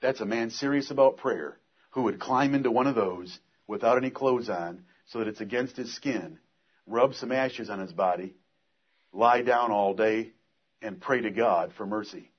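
A man's voice: fairly low pitch, moderate pace, breathy edge, lo-fi sound. A man preaching a sermon, earnest, reading scripture aloud and pressing the point with force.

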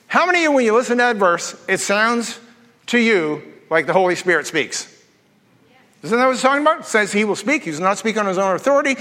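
A man preaching a sermon as pastor, telling stories with lively asides and humor. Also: sits high, in a large hall. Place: church.

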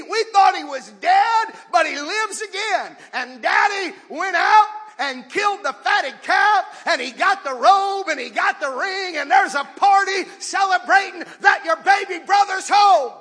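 Man doing a servant, eager, shouting, very high pitch, bright tone. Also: a little slow, heavily acted. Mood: excited shouting. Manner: breathless excited announcing. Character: excited male household servant. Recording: long hall reverb.

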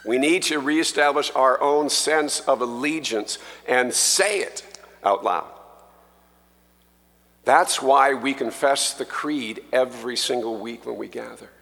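Slow, bright-voiced preacher in a reverberant church. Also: male voice, medium pitch, creaky. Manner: slow, emphatic preaching that rises when quoting scripture. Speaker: pastor. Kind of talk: sermon. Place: church sanctuary.

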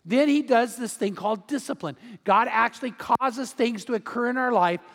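A man's voice: extremely high pitch, moderate pace, fairly bright tone. A middle-aged male pastor preaching a sermon in a conversational way, acting out quotes and family stories. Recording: long hall reverb.

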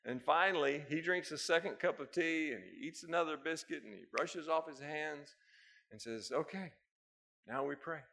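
A man's voice: a little high, lively intonation, normal speed, gravelly, bright, forceful tone. An American man preaching a sermon, telling a story and then building to emphatic exhortations. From United States. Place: church hall with a live congregation.

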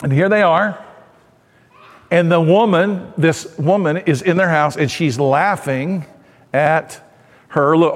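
A male pastor preaching a sermon in a lively, conversational way, often checking in with his listeners. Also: fairly high pitch, slow, pauses often, long reverb tail. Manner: animated, conversational, checking in with the audience.

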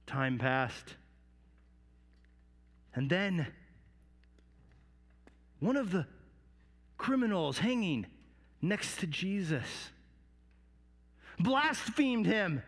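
A man telling a Bible story in the first person, slow and solemn, rising to loud cries at the quoted lines, recorded in a large reverberant hall. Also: sits high, very animated. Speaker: dramatic storyteller.

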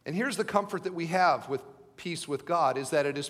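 Male pastor, high voice, middle-aged, emphatic sermon, rhetorical questions, long hall reverb. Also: quick pace, a bit bright.

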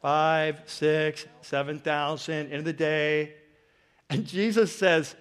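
A man's voice: on the high side, steady tone, takes it slowly, smooth. A man preaching a sermon as pastor, in a chatty, joking way that drifts into personal stories. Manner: chatty, joking, digressive storytelling. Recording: long reverb of a large hall.

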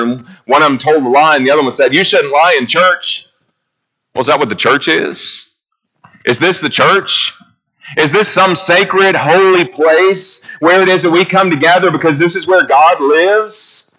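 A man preaching a sermon in a church, earnest and full of rhetorical questions, his voice swelling high and then dropping low. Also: fairly bright tone, dull audio.

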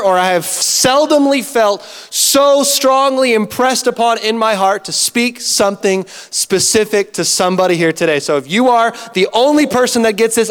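A man preaching a sermon as a pastor, telling stories in an animated way and acting out the dialogue himself. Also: high voice, clean tone. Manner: animated storytelling with acted-out dialogue. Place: church hall. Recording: long church hall reverb.

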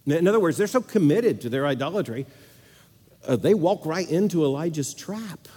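A man preaching a sermon with strong emphasis, repeating phrases and swinging between loud declarations and quiet asides. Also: on the high side, lively intonation, moderate pace, husky, big-room sound.

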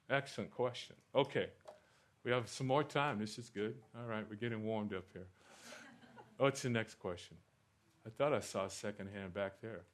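A man preaching and answering questions in a church Q&A, animated and rising loud at points of emphasis. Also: medium pitch. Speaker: pastor. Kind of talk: sermon Q&A.

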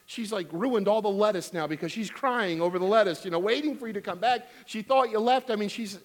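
A middle-aged pastor with a high voice preaches a sermon. He tells a funny family story, then urges the congregation to give with emphatic exhortation.

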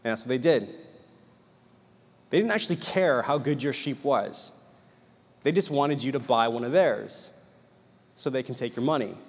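A man's voice: on the high side, darkish tone, slightly rough, long reverb tail. A man preaching a sermon, telling a story with animation and acting out the people in it.

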